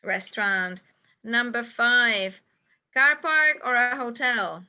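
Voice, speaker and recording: A woman's voice: a little high, expressive, slow pace, bright, forceful tone. A woman teaching a classroom English lesson, patiently checking answers one by one and repeating them. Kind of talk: classroom instruction.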